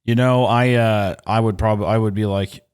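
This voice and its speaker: A man's voice: on the low side, fairly even intonation, normal speed, darkish tone, clear, resonant tone. A man hosting a comedy podcast, telling an exasperated, profane story in a casual way. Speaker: podcast host.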